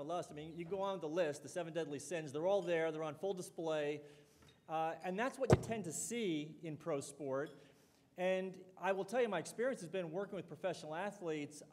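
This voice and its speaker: A man's voice: on the high side, a little mellow. A middle-aged man giving a conversational talk to an audience, telling stories and acting out the dialogue in them. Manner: conversational, storytelling, acts out quoted dialogue. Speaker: college president giving a talk. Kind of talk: public speech with anecdotes. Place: lecture hall or dining hall. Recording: long hall reverb.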